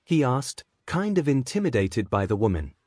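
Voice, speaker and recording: A man's voice: mid-range voice, very animated, moderate pace, darkish tone, dry recording, studio quality. A man reading a fan-fiction story aloud, narrating and speaking all the characters' lines in one voice. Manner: reads every part in one voice.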